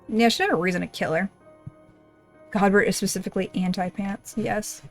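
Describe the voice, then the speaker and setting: A woman streaming a game, reacting in excitable, foul-mouthed casual commentary. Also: mid-range voice, moderate pace, long pauses, soft background music. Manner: excitable, swearing, laughing reactions.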